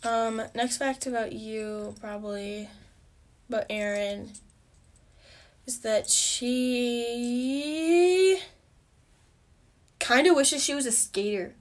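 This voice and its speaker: A young woman from Wisconsin co-hosting a podcast, chatting casually with jokey quick comebacks and bursts of loud laughter. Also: mid-range voice, fairly even intonation. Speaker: podcast co-host.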